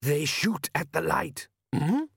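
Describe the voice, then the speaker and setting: A man's voice: a little high, animated, slow pace, gravelly, a bit bright, slightly rough, no echo, studio quality, pitched above the performer's own voice, full character voice. Jabbar, a man doing a sly desert brigand.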